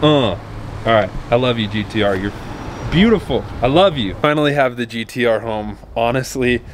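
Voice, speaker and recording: A young man talks straight to camera in an eager, slangy vlog voice, gushing as he goes. His mid-range voice is easy and conversational. Clear engine and road noise run behind him as he talks in and around the car. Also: mid-range voice, normal speed. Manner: excitable, slangy, enthusiastic. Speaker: car vlogger. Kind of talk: casual vlog talk to camera. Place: in and around a car, partly driving.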